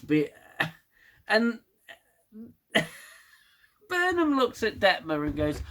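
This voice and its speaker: A man's voice: on the high side, huge pitch swings, takes it slowly, long pauses, fairly bright tone, a little hiss or hum. Sarcastic British man recapping. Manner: sarcastic, laughing asides. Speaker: TV episode reviewer. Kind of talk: casual review recap.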